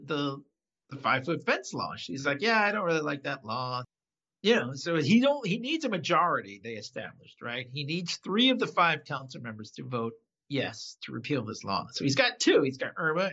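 A man with a gravelly, bright voice rambles through a story, his pitch swinging widely. He talks in casual chat and laughs often. The recording sounds a little dull and lo-fi. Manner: rambling, animated retelling with frequent laughter. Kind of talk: casual chat recapping an episode.

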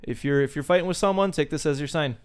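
A man's voice: on the high side, clean tone. Easygoing man in podcast banter. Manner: easygoing banter with quick interjections. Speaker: podcast co-host. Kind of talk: casual podcast chat.

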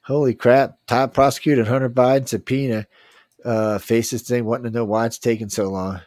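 A man hosts a casual news talk in a medium-pitched, slightly mellow voice with fairly even intonation and normal speed. He reads headlines and rambles bluntly, swearing and letting sentences trail off, in a dry, studio-quality recording.

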